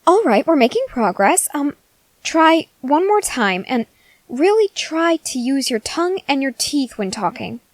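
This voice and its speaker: A giddy, creepily sweet female scientist, as a woman acts her out in an ASMR role-play. Her voice sits high and leaps all over with delight. She coaxes slowly and fondly, recorded close and dry with no room sound. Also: big pitch swings, no room sound, rough recording. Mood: coaxing. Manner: gushing, coaxing, cheerfully unsettling.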